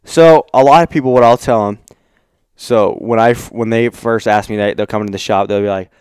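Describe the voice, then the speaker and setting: A young man with a smooth, clear, slightly low voice tells quick, animated stories in casual chat. The sound is dry and close, with no room around it. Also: no room sound. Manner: quick, animated storytelling with acted-out quotes. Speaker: elk caller, works in a shop.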